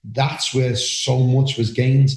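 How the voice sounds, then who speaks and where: A man's voice: mid-range voice, flat delivery, slow pace, echoey room, rough recording. Older Scouse man, boisterous podcast talk. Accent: Liverpool (Scouse). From Liverpool, England. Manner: loud, boisterous, rambling. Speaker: podcast co-host, referee. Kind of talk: casual chat.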